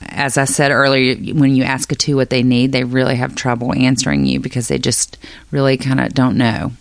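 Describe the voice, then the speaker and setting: Very deep-voiced woman explaining calmly. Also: vocal fry, no echo. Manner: slow, thoughtful explaining with many fillers. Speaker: Enneagram teacher and guest. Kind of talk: casual podcast conversation.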